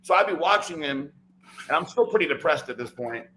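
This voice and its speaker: A man's voice: a little high, lively intonation, fairly quick, fairly bright tone, a little hiss or hum, low-quality recording. A man, a podcast guest, telling a long personal story in casual chat, often tagging "right?" and "like". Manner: rambling, fills talk with "like" and "right?".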